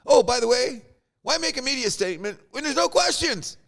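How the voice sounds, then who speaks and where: This is a man hosting a laid-back sports podcast who spins jokey stories as he talks. His voice sits high and leaps all over the place. There is a gravelly rasp under it. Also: brisk. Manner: animated, jokey storyteller. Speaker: podcast host. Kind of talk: casual sports chat.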